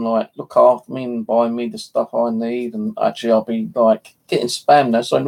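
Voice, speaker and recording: An English man rambles through a casual live stream, joking crudely as he goes. His voice is gravelly and a touch husky, with a slight lisp from missing teeth. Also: medium pitch, little pitch movement, moderate pace, hardly any pauses, darkish tone. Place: home.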